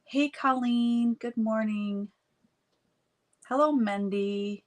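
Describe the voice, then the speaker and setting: A woman's voice: mid-range voice, animated, takes it slowly. Chatty woman greeting her live viewers. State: sniffly from allergies. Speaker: livestream host chatting with viewers. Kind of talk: casual live stream chat while crafting.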